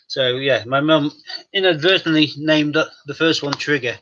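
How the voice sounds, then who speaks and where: Man, chatty host, bright forceful voice, fairly high, dull lo-fi sound. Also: fairly even intonation, moderate pace. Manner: chatty, jokey, talks to his dog and chat. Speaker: live stream host. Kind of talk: casual chat with live chat viewers. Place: home room. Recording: dull lo-fi stream audio.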